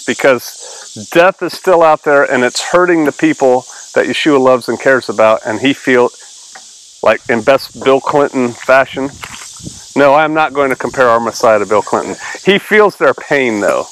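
A man's voice: mid-range voice, unhurried, fairly bright tone, a little hiss or hum, poor audio. A male pastor giving a casual Bible teaching, reading verses aloud and explaining them in a conversational way.

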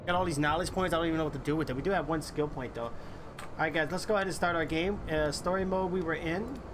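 A man streaming a game with a voice that sits a touch higher than most men's. He chats loosely and keeps calling out to his viewers between moves, over a clearly noisy recording. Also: fast talker. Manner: chatty, talks straight to viewers, hypes them up. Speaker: live streamer. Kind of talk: casual gameplay commentary.

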